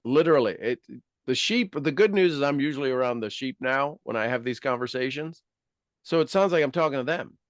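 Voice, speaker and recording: A man's voice: mid-range voice, lively intonation, a little fast, no room sound, clean studio sound. A man giving a motivational coaching talk, acting out quoted voices and laughing often.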